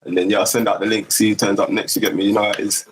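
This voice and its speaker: A man's voice: lowish voice, little pitch movement, racing, poor audio. A young man with a London accent, chatting casually as a livestream host and rambling in heavy street slang. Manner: rambling, heavy street slang, keeps asking "you get me".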